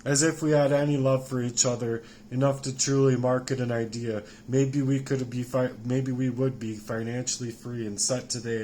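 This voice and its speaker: A man in his forties ranting furiously and swearing, his voice jumping from shouts down to bitter mutters. His pitch sits in the ordinary middle for a man. A faint noise hums behind him. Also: flat delivery, moderate pace, hardly any pauses. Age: 40s. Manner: furious and profane, swinging between shouting and low muttering. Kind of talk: angry personal rant to camera.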